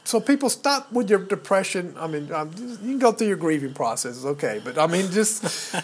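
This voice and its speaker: A man's voice: high voice, expressive, moderate pace, a little hiss or hum. A man in his sixties co-hosting a podcast, preaching and exhorting listeners, repeating words when he gets heated. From United States. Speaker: podcast co-host.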